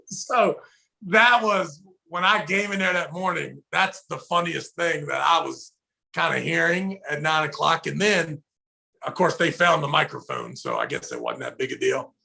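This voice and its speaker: With a fairly high pitch, measured pace, and vocal fry, this man co-hosts a podcast and tells a story in casual chat. He swears freely and animatedly acts out people's quotes.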